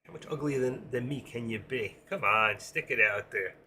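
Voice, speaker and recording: A man's voice: medium pitch, normal speed, pushed and bright, slight background noise. A middle-aged man with a New York accent, chatting casually on his trading live stream and reading viewer comments aloud.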